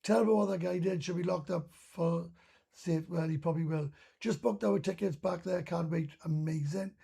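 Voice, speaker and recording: Welsh bloke on a live stream reading out comments, gravelly voice, dark mellow tone, swears a lot. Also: male voice, a little high, fairly even intonation, moderate pace. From Wales. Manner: blunt and sweary, lots of restarts.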